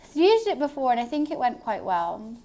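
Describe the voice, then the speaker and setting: High-voiced chatty woman streamer. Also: big pitch swings, brisk, warm tone. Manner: chatty, scattered, talks to her cat in a high playful voice. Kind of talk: casual cooking stream chat.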